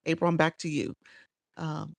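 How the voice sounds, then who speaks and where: Chatty Chicago woman with a gravelly edge. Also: low voice, level tone, normal speed, dry recording. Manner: chatty, laughs often, reads out viewer names. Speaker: live-streaming coach and host. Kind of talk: casual live-stream coaching, greeting viewers.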